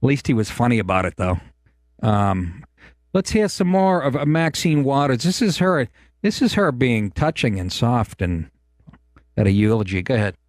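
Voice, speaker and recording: Middle-aged man, talk host, profane sarcastic rant, swooping lively pitch, dry close sound. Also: normal speed, no echo. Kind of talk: ranting political talk show monologue.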